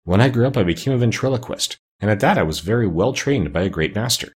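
A man's voice: fairly low pitch, lively intonation, husky. Casting: man doing a timid, trembling old humbug wizard, storybook reading. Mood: meek. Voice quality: trembling and meek as the little man. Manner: slow and solemn as the unseen voice.

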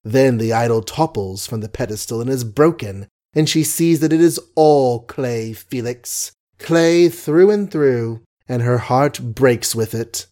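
A man reading an audiobook, voicing a proud, wounded young society woman who talks eagerly, quickly and defiantly. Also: medium pitch, dark tone, natural voice. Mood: weary.

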